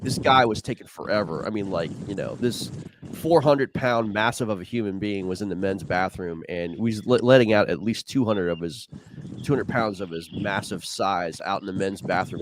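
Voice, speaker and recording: A man's voice: lowish voice, background noise. A man doing casual live commentary on a tournament stream, a laid-back storyteller who keeps saying "man" and "like".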